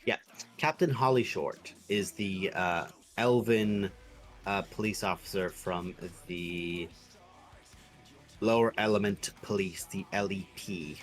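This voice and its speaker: A man streaming while he draws, chatting casually in rambling, sweary, animated rants. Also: sits low, slow pace, faint music behind.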